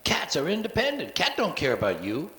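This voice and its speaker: A man in his forties performs profane, sarcastic stand-up in a theater, imitating cats, with the feed taken from the soundboard. His fairly high voice swings hugely in pitch, runs a little fast, and has a fairly bright tone, all in a reverberant space.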